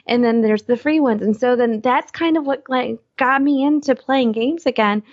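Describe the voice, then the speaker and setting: Excitable rambling woman on a podcast. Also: fairly high pitch, normal speed, muffled recording. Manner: rambling, excitable storyteller who acts out quotes. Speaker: podcast producer and co-host. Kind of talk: casual chat.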